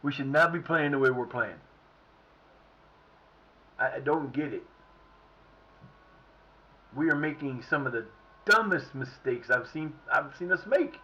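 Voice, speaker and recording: A man's voice: a little high, expressive, unhurried, pauses often, muffled recording. A man streaming a football management game, commenting live and venting at his players and the referee. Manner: frustrated, swearing, talking at his players and the referee.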